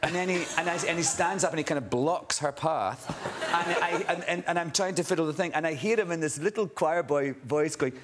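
A middle-aged man with a Scottish accent, a chat show guest telling a lively anecdote and acting out other people's voices. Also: on the high side, fairly quick. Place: TV studio with live audience. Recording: studio audience laughter and noise.

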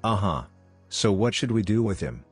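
A brash teenage boy ninja from a read-aloud fan story, cocky and teasing, as a man voices him. The voice sits low and a little husky, and faint music plays underneath. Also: lively intonation, moderate pace.

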